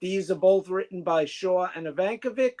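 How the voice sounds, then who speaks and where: Man, high voice, podcast co-host, informative album review, video call. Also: moderate pace, a little mellow. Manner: informative, reading off facts.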